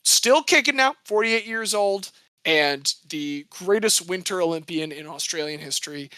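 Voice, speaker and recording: Bright, chatty man with a dry close sound. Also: high voice, animated, moderate pace, clean tone, no echo. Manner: chatty, enthusiastic storytelling with playful asides. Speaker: podcast co-host. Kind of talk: casual sports chat.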